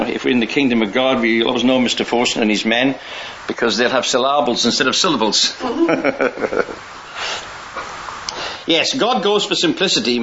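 A man preaching a sermon in a rambling, conversational way, often restarting his sentences and chuckling now and then. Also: mid-range voice. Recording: dull lo-fi recording with faint hiss.

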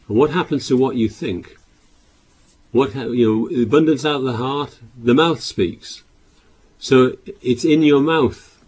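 A man preaching a sermon, reading scripture aloud louder and explaining it with halting restarts and repeated words. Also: mid-range voice, breathy edge.

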